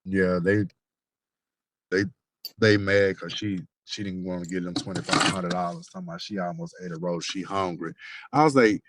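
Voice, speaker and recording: A man's voice: low voice, normal speed, a little hiss or hum. Profane man gossiping on the phone. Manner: animated storyteller, profane, lively slangy talk. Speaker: best friend on a phone call. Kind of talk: casual gossip on a phone call. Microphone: phone call.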